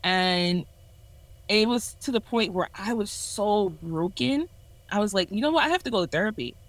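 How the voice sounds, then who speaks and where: A woman's voice: mid-range voice, animated, moderate pace, no echo, low-quality recording. Earnest young woman, dry close sound. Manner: earnest, candid, self-reflective. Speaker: ministry leader sharing a testimony. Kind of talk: candid personal testimony in a podcast talk.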